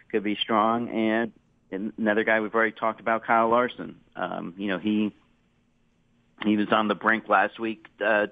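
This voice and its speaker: A man, a motorsports reporter, talking as a guest over the phone in a measured way with many fillers. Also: lowish voice, dry recording. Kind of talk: phone interview. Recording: tinny phone line.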